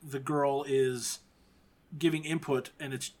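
A man's voice: medium pitch, little pitch movement, slow, darkish tone. A man in a casual film discussion, earnestly defending the film.

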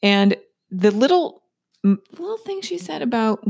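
Chatty gravelly-voiced woman telling a story. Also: on the high side, sing-song, a little slow, a little mellow, dry recording, clean studio sound. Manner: chatty, asks "right?" often. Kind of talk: personal storytelling monologue.

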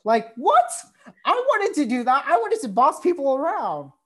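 A woman's voice: high-pitched, sing-song, normal speed. A young woman hosting a podcast, talking casually with lots of fillers. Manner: chatty, frequent fillers and backchannels. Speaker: podcast host. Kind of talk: casual chat.

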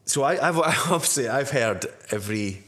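A man's voice: medium pitch, expressive, moderate pace, fairly bright tone. Frank Scottish man hosting a podcast. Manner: frank, swears, restarts often. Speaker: podcast host. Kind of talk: casual podcast chat.

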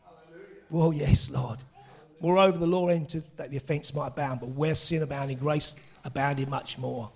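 A middle-aged man preaching a sermon, excitable and breaking into shouts and exclamations. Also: fairly high pitch, normal speed, creaky.

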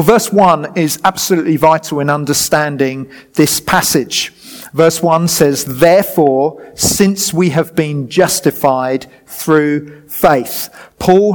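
Lively, joking man preaching a sermon. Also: on the high side. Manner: lively, joking with the congregation, directs a live demonstration. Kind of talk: sermon to a live congregation.

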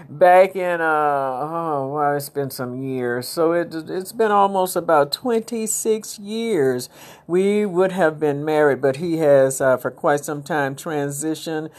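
A woman's voice: deep voice, a little mellow. A woman hosting her own podcast, talking in a rambling, chatty way with religious phrasing. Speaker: podcast host. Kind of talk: casual inspirational podcast monologue.

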